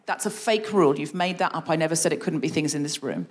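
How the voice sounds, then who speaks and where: A woman guest leading a playful creativity game for a live audience, encouraging and animated. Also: sits low, fast talker. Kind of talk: live comedy podcast workshop. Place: stage before a live audience.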